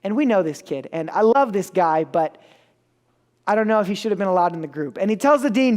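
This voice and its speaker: A man's voice: high-pitched, lively intonation, a little fast, a little mellow. A young man giving a sermon, telling a story casually with self-mocking asides. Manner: casual and self-mocking, acts out the people in his stories. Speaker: preacher.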